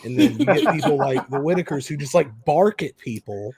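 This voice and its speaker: A man's voice: on the high side, big pitch swings, a little fast, crowd noise. A man from western Kentucky in casual podcast chat, rambling, swearing and saying "like" a lot. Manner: rambling, profane, full of "like".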